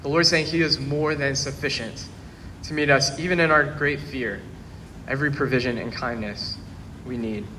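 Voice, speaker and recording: A man preaching a sermon with a bright, forceful tone and an earnest, steady delivery. His voice rings out with a long reverb from a large church hall. A faint room ambience hums behind him. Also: medium pitch, slight background noise. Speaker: pastor.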